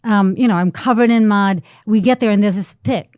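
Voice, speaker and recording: A middle-aged woman journalist telling an animated story on a talk show, full of restarts and fillers. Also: medium pitch, a little fast, clear, resonant tone, no room sound, clean studio sound. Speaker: investigative journalist guest.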